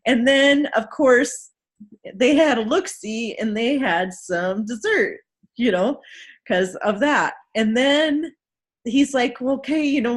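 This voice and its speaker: A woman hosting a casual recap chat, telling a story in an animated way and acting out the people in it. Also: high-pitched. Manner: animated storytelling, acts out quoted people, laughs often.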